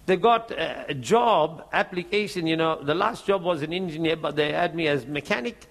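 A man preaching, telling his testimony as a lively story and chuckling often. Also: on the high side, moderate pace, creaky. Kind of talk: testimony in a sermon.

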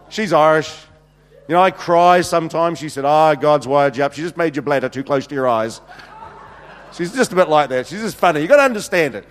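A middle-aged senior pastor with a voice on the high side delivers a humorous, anecdotal sermon at a normal speed. He relies on plenty of fillers, and his words echo with long reverb around the church hall.

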